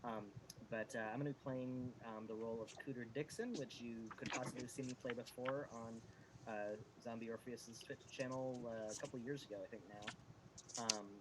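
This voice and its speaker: A man calling in from home to a tabletop game, talking in a relaxed, halting way. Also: mid-range voice. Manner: relaxed, halting, many fillers. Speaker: player. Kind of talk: casual tabletop game chat. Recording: home mic with clear background noise.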